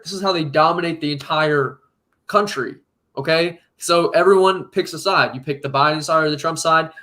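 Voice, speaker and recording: A man from South Carolina in casual chat as a guest, animated and emphatic, laughing often. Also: a little high.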